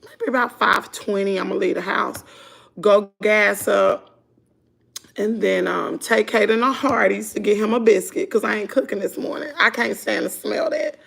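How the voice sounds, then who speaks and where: A hoarse woman with a Southern US accent, chatting casually with viewers on a live stream. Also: medium pitch, steady tone, normal speed, fairly bright tone. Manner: chatty, talks to viewers as y'all. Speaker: vlogger.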